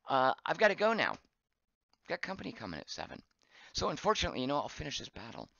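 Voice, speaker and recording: A man commentating his own game live, musing out loud and reading viewers' comments as he goes. His voice is bright and full of lively pitch movement, a little hoarse. It comes through a dull, dry-sounding mic. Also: quick pace, no echo. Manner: chatty, reads chat aloud, thinks out loud. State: voice going hoarse. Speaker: game streamer.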